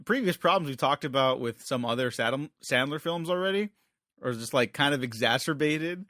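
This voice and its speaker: A man's voice: mid-range voice, animated, brisk, a bit bright, no echo, clean studio sound. A man co-hosting a movie podcast, talking in casual, wry and sarcastic chat that is full of "like" fillers. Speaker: podcast co-host.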